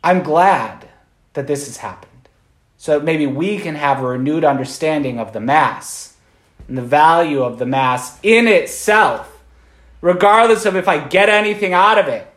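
A man's voice: on the high side, unhurried, fairly bright tone, echoey room. A man, a Catholic priest, giving an informal Sunday homily in a conversational way, often checking in with "right?".

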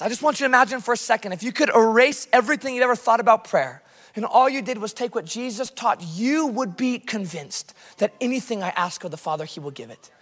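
Preaching passionately about his missions work, an American pastor speaks in a very high-pitched voice with a fairly bright tone. The church hall setting gives the audio a long reverb.

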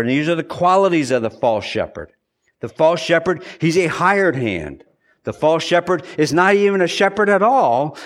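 A male pastor preaches in an earnest, deliberate way, circling back and repeating phrases to stress a point. His voice sits a little higher than most men's. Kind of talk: sermon.

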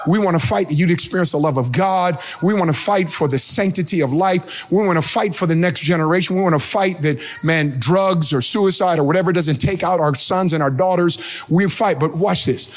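A man preaching a sermon as pastor, animated, breaking into sing-song shouts and calling out to the congregation. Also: on the high side, brisk. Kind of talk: energetic sermon.

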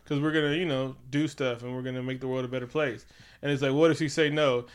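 A man co-hosting a casual movie review chat, animated and profane, often slipping into quick impressions. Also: medium pitch, clean tone. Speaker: podcast co-host.

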